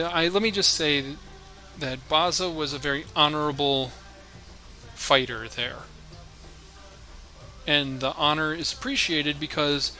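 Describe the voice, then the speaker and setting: Bright-voiced man streaming a card game. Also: a little high. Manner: thinks aloud, chatty, talks to opponent and chat. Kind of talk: live game commentary.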